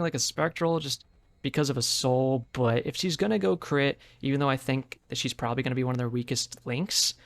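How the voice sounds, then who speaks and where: A young man giving live commentary on his own ranked game, mixing calm strategy talk with excitable trash talk. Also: a little high, vocal fry. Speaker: gaming streamer.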